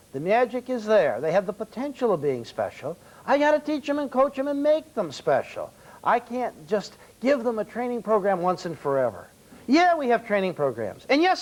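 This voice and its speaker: High-voiced man telling a restaurant story. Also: low-quality recording. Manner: storytelling, acting out quoted dialogue. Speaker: seminar speaker on restaurant service. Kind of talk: lecture with anecdotes.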